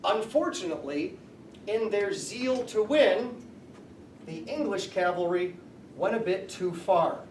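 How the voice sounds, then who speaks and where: Male teacher lecturing, high-pitched, picked up from across an echoey classroom. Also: expressive, measured pace, distant mic, slight background noise. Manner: explanatory, asks the class questions. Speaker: high school history teacher.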